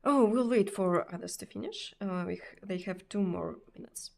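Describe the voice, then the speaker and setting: A woman from Russia with a Russian accent, chatting casually on a live stream. She speaks haltingly, with many pauses and restarts, and laughs often. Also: medium pitch, creaky. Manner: laughs often between sentences.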